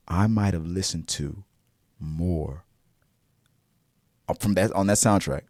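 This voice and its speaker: A man hosting a movie talk show, chatting casually and swinging from hushed asides to loud exclamations, often restarting his sentences. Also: deep voice, slow, long pauses, dry recording, studio quality. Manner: frequent restarts and repeated words.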